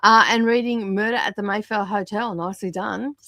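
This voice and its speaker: A woman hosts a casual livestream, greeting each viewer by name and chatting along. Her voice is croaky and scratchy from a sore throat, sitting at an ordinary pitch for a woman. The sound is dry and close, with no room echo. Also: steady tone, a little fast, sharp tone. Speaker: livestream host. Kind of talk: casual livestream chat reading out viewer comments.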